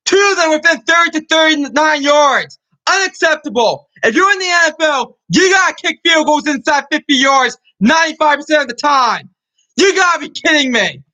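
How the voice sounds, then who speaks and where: A man's voice: extremely high pitch, pushed and bright, low-quality recording. A young man on his own sports channel, ranting furiously about a loss, swearing and repeating himself. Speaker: sports vlogger. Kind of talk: angry sports rant.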